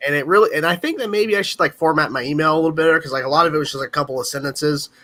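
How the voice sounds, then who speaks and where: A man co-hosting a casual livestream chat over a video call, talking quickly and rambling. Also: on the high side, bright, forceful tone. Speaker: livestream co-host.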